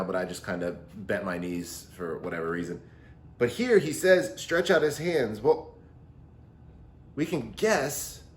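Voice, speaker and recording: A man teaching a recorded Bible lesson to teenagers, talking in a lively way and acting out quotes in different voices. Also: mid-range voice. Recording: roomy echo.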